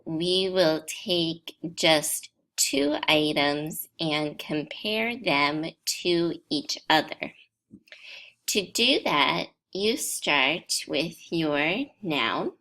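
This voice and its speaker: A woman teaching an English grammar lesson to learners, explaining step by step in a slow, deliberate way. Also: sits low, expressive, bright, forceful tone.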